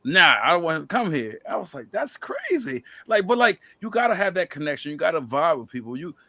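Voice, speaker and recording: Male podcast host with a gravelly voice and a dry, close sound, lively storyteller. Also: a little high, quick pace, no echo. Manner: animated storyteller, quotes people in lively voices. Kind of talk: casual chat.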